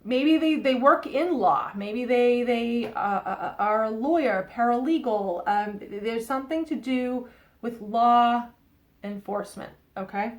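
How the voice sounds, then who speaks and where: A woman with a Boston accent talks through a tarot reading in a loose, rambling way. Her voice sits a little high. She keeps checking in with her viewers as she goes. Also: unhurried. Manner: chatty, rambling, often asks okay. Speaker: tarot reader. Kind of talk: casual tarot reading to camera.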